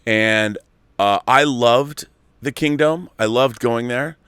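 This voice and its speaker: Smooth-voiced man chatting casually. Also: medium pitch, takes it slowly, a bit bright, no room sound. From Seattle area. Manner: rambling, nostalgic, restarts often. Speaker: show host reading viewer questions. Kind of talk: casual live-stream chat.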